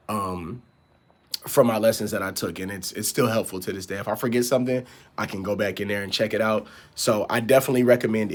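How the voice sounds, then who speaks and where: Easygoing man rambling with lots of fillers. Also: medium pitch. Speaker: vlogger. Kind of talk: casual advice chat.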